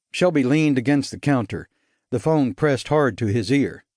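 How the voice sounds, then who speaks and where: A man reading a thriller audiobook in a measured, even narration. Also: medium pitch, dry recording, clean studio sound. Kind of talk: scripted narration. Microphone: studio mic.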